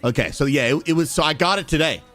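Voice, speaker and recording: A man, a pastor who streams games, chatting live with his viewers and calling them bro, bursting into shouts and laughter. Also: on the high side, fast talker, soft background music. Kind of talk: live gaming stream chat.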